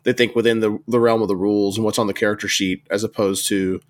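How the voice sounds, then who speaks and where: A man co-hosting a tabletop gaming podcast, talking thoughtfully with hesitant pauses and fillers. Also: fairly low pitch, little pitch movement. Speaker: podcast co-host. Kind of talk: casual chat.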